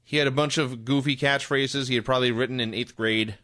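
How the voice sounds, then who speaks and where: Male co-host, casual chat, dry delivery, bright timbre. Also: mid-range voice, steady tone, a little fast, no echo. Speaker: podcast co-host.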